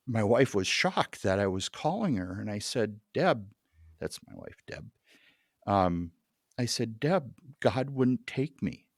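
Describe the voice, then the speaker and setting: Male guest, low register, unhurried earnest storytelling, halting restarts, dry close sound. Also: no room sound. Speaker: podcast guest. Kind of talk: personal storytelling in an interview.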